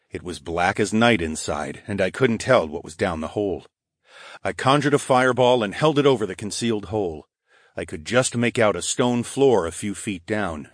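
A man narrating a first-person audiobook in steady, even storytelling from a close mic. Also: no room sound. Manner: steady, even storytelling, voicing dialogue slightly higher.

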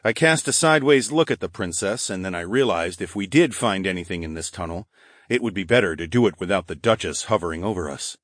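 A man narrating a first-person audiobook in steady, even storytelling from a close mic. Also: brisk, no room sound. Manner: steady, even storytelling, voicing dialogue slightly higher.

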